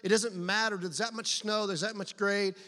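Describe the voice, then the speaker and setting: A man preaching a sermon, telling personal stories in an animated, conversational way. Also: high voice, moderate pace. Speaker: pastor. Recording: long reverb of a large hall.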